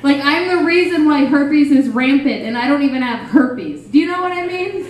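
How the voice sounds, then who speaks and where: Performing stand-up in a small cafe, this young comedian rambles, puts herself down, and leans heavily on fillers. She has a high voice at a moderate pace, recorded on a distant mic in a very echoey room with faint ambience.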